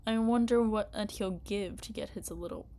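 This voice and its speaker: A woman reading aloud the lines of a cruel female villain commander in a story game, in a quiet, menacing, sometimes hushed delivery. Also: mid-range voice, normal speed, a little hiss or hum, close to an everyday voice.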